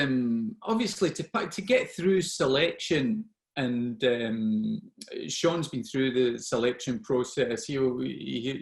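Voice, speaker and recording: A man in his forties, a former soldier telling lively anecdotes and acting out the dialogue. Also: medium pitch, roomy sound. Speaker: guest speaker, former special forces soldier. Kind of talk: anecdotal storytelling at an online networking event.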